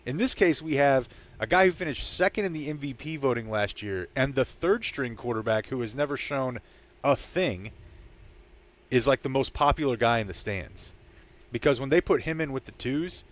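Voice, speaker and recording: A man chatting casually on a sports podcast. He tells a story with easy energy and breaks into loud shouts when he quotes fans in the stands. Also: mid-range voice, animated, moderate pace. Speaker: podcast co-host. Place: training camp site.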